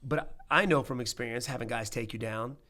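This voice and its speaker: A man in his thirties co-hosting a podcast, chatting in an easygoing, rambling way that often drops into a low mumble. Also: a little fast, sharp tone. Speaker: podcast host, pro fighter. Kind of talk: casual chat.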